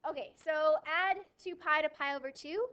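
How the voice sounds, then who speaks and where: A woman teaching a math class, lively, asking questions and answering them herself, with a touch of dry sarcasm. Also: sits high, moderate pace, lo-fi sound. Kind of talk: classroom lecture.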